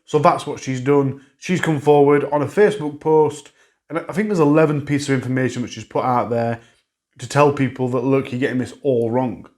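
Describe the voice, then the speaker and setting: Male host, mid pitch, chatty true crime update, loose regional grammar. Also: steady tone, fairly quick, a little mellow. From England. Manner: conversational, recapping and correcting himself, regional grammar.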